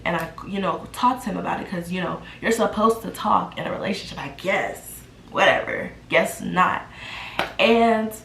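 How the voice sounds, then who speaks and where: A woman in her twenties telling a casual storytime, animated and acting out what people said. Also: medium pitch, slight background noise. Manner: animated, acts out the quotes. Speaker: vlogger. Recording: roomy echo.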